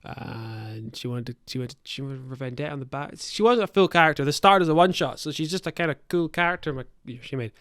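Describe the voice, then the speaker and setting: A man's voice: on the high side, lively intonation, fast, few pauses, fairly bright tone, no room sound, studio quality. A young man hosting a podcast, rambling through a tabletop game story, swearing freely and stopping often to correct himself. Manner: rambling, profane storytelling with many self-corrections. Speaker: podcast host and game master. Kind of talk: casual podcast chat.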